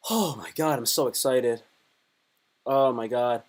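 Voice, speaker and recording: A man's voice: medium pitch, measured pace, pauses often. A man doing a casual comedy live stream, talking in a rambling, crude, joking way.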